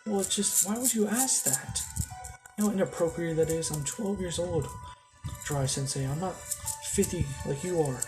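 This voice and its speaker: A man doing a shouting indignant ninja boy. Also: on the high side, brisk, hardly any pauses, over music, natural voice, low-quality recording. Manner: indignant, yelling. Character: brash twelve-year-old ninja boy.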